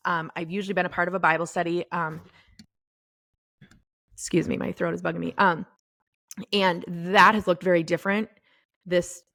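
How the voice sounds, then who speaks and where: A middle-aged woman co-hosting a podcast, talking about her faith in a halting, tearful way. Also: on the low side, little pitch movement, gravelly, no echo, studio quality. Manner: tearful, halting, soft-spoken. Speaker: podcast co-host. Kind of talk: casual faith chat. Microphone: podcast microphone.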